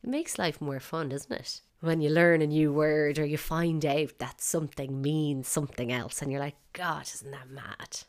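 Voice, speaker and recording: A woman's voice: deep voice, normal speed, few pauses. Playful Irish woman hosting a podcast. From Ireland. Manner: wry, playful, mock-indignant. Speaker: podcast host. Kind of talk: scripted comedic podcast monologue. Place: bedroom at home.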